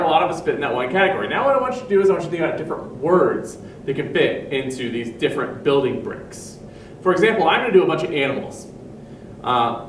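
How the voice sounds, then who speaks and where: A man's voice: fairly high pitch, far from the mic, slight background noise. Patient male music teacher, echoey room. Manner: patient, explains step by step and chants rhythm syllables. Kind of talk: recorded music lesson for children.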